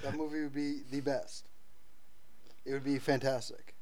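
A man's voice: medium pitch, level tone, moderate pace, heavy background noise. A man co-hosting a podcast, chatting casually with loose, crude banter. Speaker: podcast co-host. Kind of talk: casual comedic chat.

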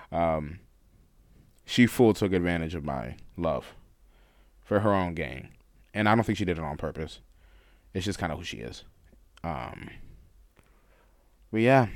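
A young man casually telling a personal story to the camera, candid, with frequent laughs and halting restarts. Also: low voice, lively intonation, no room sound, clean studio sound.

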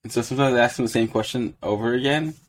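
A man's voice: mid-range voice, racing, background noise. A man hosting a podcast in casual chat, loose and chatty, with frequent laughs and filler words. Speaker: podcast host.

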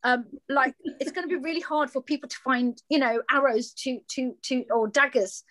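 High-voiced, impassioned woman. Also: steady tone, moderate pace, a bit bright. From London. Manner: impassioned, emphatic, acts out dialogue in quotes. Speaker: fashion brand founder, guest. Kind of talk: passionate interview talk.

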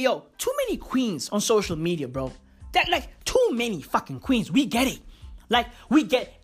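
A woman on a comic rant, slangy and profane, repeating lines for effect. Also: fairly high pitch. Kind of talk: comedic rant.

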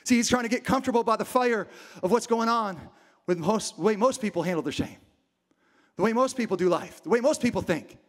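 A pastor with a high-sitting voice preaches a dramatic sermon at a brisk clip to a live congregation in a church hall. He acts out the story in different voices and builds to passionate peaks.

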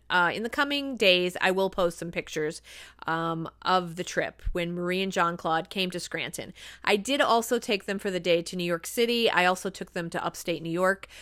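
A woman's voice: fairly low pitch, sharp tone, smooth, no echo, clean studio sound. A woman hosting a casual podcast, telling a travel story in a chatty, enthusiastic way with many asides, a little tired and losing her voice. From northeastern Pennsylvania, USA. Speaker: podcast host.

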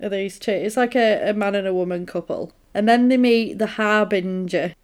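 A woman's voice: medium pitch, moderate pace, darkish tone, clear, resonant tone. A woman co-hosting a podcast, retelling a film in a chatty, amused way. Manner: chatty, amused storytelling with quoted asides. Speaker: podcast co-host. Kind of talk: casual chat.

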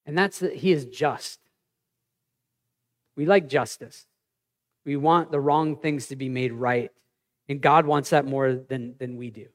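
A man in his thirties, a pastor, preaching a sermon in an animated, conversational way with personal stories. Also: medium pitch, a little slow, long pauses.

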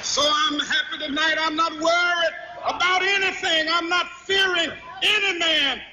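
In an archival recording from a large hall, a preacher and civil rights speaker delivers impassioned oratory to a live audience, using rhythmic repeated refrains that build to ringing shouts. His extremely high voice keeps fairly even intonation at a moderate pace, with long hall reverb and music behind him.

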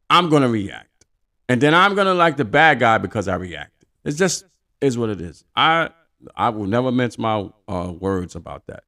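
Animated gravelly man ranting bluntly. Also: medium pitch. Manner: blunt, profane street talk, animated. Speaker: podcast host. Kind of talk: casual opinion monologue.

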